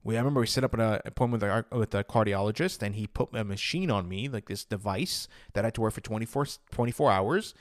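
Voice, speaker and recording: This personal storytelling monologue comes from a male vlogger with a fairly low voice who talks quickly and rarely pauses. Earnestly and with feeling, he recounts his own experience to camera and frequently acts out his past thoughts, all in clean, echo-free studio sound.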